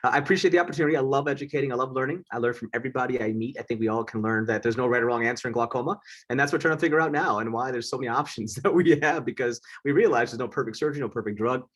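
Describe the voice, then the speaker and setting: A man's voice: mid-range voice, very fast, fairly bright tone, slightly rough. A man in his forties from Wisconsin giving a chatty, self-joking online lecture as an eye surgeon over a video call. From United States (Southeast Wisconsin).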